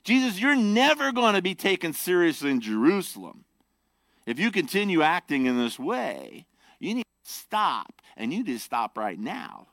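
A man's voice: high-pitched, wildly swooping pitch, normal speed, a bit bright, no room sound, clean studio sound, heavily acted. A male pastor acting out indignant disciples who rebuke a woman and Jesus in a condescending tone during a sermon. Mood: scolding.

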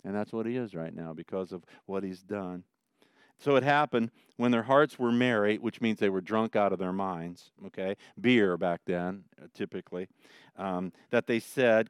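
A man's voice: mid-range voice, moderate pace, clean tone, no room sound, studio quality. A man preaching a conversational sermon with joking asides, explaining as he goes. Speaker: pastor.

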